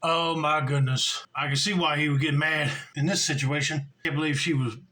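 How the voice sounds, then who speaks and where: A man's voice: fairly high pitch, steady tone, moderate pace, sharp tone, rough recording. A man reacting to a video clip with mild, disbelieving commentary.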